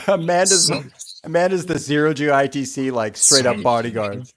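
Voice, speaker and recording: A man hosting a live stream, chatting playfully, laughing often and softly repeating short phrases. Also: mid-range voice, fairly even intonation, moderate pace. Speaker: livestream host running spirit sessions. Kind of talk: live casual commentary.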